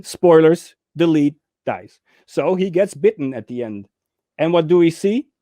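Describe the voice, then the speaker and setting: A man's voice: on the high side, no echo, studio quality. A man co-hosting a casual movie discussion, telling stories with lots of energy and acting out scenes in raised voices. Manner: animated storyteller, acts out scenes in raised voices. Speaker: co-host of a movie talk show.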